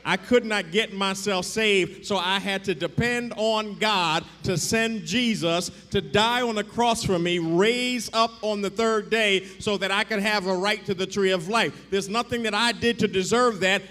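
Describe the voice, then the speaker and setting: A man preaching a sermon as pastor to his congregation, checking that they follow along and building to shouted exhortation. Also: high-pitched, unhurried, few pauses. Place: church sanctuary. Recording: echoey church sanctuary.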